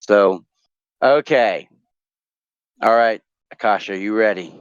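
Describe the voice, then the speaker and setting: A man's voice: on the low side, slow pace, smooth, no echo, highs cut off. A man hosting a casual talk show, joking and rambling through would-you-rather questions with lots of fillers.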